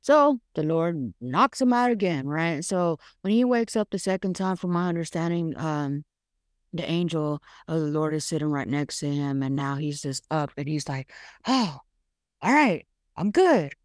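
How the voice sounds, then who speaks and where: A woman's voice: deep voice, normal speed, clear, resonant tone, no room sound, clean studio sound. A woman hosting a podcast, talking frankly and casually through a devotional monologue with plenty of fillers. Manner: frank, chatty, swears casually, many fillers. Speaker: podcast host.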